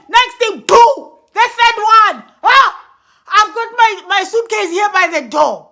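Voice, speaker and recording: A middle-aged woman telling a story in an animated storytime vlog, dramatic and expressive, acting out explosion sounds as she goes. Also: very high voice.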